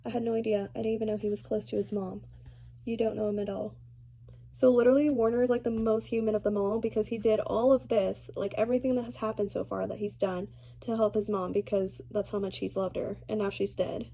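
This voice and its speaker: A young woman vlogging about a book she is reading, chatty and animated as she swings between gushing and ranting. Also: mid-range voice, brisk, gravelly, slightly rough. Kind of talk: casual reading reaction vlog.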